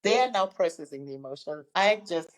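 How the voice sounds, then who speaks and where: A woman's voice: on the low side, animated, fairly quick, rough recording. A woman in her fifties from Zimbabwe, a guest recounting her life story in an interview and acting out the people she quotes. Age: 50s.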